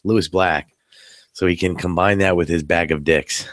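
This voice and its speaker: A man with a very low voice co-hosts a casual late-night podcast, sounding tired as he rambles and jokes. He swears casually between stories. The sound is dry and close. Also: fairly even intonation, normal speed, no echo. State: tired, yawning. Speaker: podcast co-host. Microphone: webcam setup.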